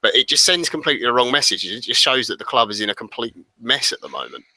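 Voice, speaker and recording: A man's voice: mid-range voice, lively intonation, quick pace, sharp tone, no room sound, rough recording. A man on a football podcast panel, arguing his point insistently in casual chat. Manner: argumentative, insistent.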